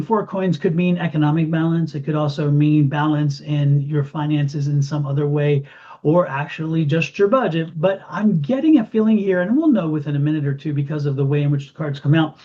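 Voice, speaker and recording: A man giving an intuitive tarot reading to camera, animated and repeating phrases for emphasis. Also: fairly high pitch. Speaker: tarot reader. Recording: dull lo-fi sound.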